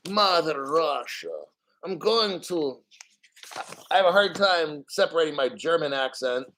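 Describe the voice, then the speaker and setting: A man's voice: medium pitch, a bit bright, a little hiss or hum, poor audio. A man in his fifties hosting a crypto news livestream, ranting in a profane, sarcastic way. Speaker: crypto news show host.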